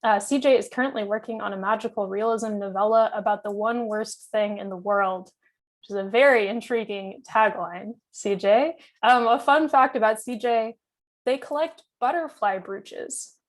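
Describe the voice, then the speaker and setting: A woman's voice: a little high, moderate pace. A woman hosting a reading event, introducing writers in a chatty way with many filler ums. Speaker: event host introducing readers.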